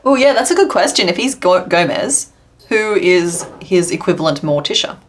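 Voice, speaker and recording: A woman's voice: on the low side, sing-song, moderate pace. A woman hosting a casual crochet livestream, chatting and making puns as she works. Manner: chatty, answers chat and makes puns while working.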